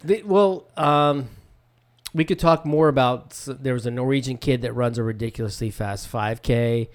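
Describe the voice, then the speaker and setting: Man, podcast co-host, easygoing, reads notes aloud, mid pitch. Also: normal speed. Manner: easygoing, laughs often, reads stats out from notes. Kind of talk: casual chat.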